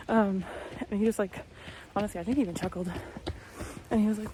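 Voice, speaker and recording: A woman in her thirties, telling a story in a relaxed walk-and-talk vlog, outdoors on a phone camera. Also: medium pitch, a little fast, background noise. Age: 30s. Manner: chatty storytelling, acts out quoted voices. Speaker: vlogger.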